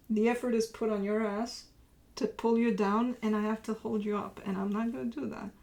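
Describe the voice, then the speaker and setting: A woman's voice: a little high, fairly even intonation, brisk, darkish tone, roomy sound. A woman who hosts tarot readings, chatting at home and cooing at her dogs in baby talk, laughing often and sometimes dropping to a whisper. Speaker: tarot reader host. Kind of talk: casual chat talking to her dogs.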